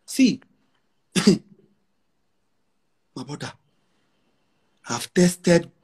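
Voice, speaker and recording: Nigerian man in his 40s with a Pidgin-laced accent, boastful interview guest, high husky voice with lively swings. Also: drawn-out words. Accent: Nigerian English with Pidgin. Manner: emphatic, repeats himself, mixes in Pidgin.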